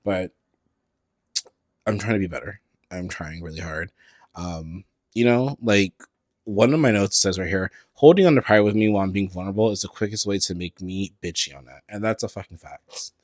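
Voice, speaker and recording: A man hosting a casual solo podcast from the Bay Area, talking in a sassy, animated way with plenty of slang and swearing. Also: sits low, normal speed, no echo, clean studio sound. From San Francisco Bay Area. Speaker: podcast host. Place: indoors at a table, on camera.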